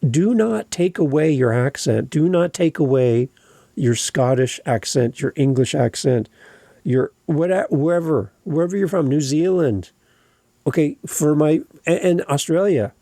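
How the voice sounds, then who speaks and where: A man hosting a podcast, giving earnest, encouraging coaching on clear speech and stressing the ends of words. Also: a little high, lively intonation, unhurried, warm tone, dry recording, studio quality. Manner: earnest, encouraging, emphatic on word endings. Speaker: podcast host.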